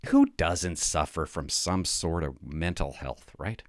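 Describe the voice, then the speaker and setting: A man's voice: a bass voice, expressive, measured pace, few pauses, no echo, clean studio sound. A middle-aged man telling a rambling, self-mocking comic story to his vlog audience. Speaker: vlogger.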